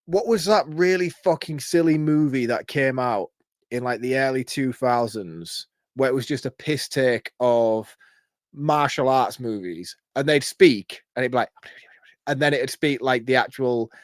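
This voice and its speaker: A man's voice: medium pitch, unhurried, dry recording. A man co-hosting a film podcast, his voice recorded dry and close. He gives candid opinions in loose, casual talk, dropping swear words as he goes. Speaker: podcast co-host. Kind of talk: casual film review chat.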